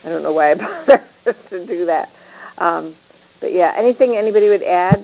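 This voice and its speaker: Gravelly older woman on a tinny line. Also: lowish voice, fairly quick. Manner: meandering, many restarts and fillers. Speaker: discussion leader. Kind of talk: reflective panel talk.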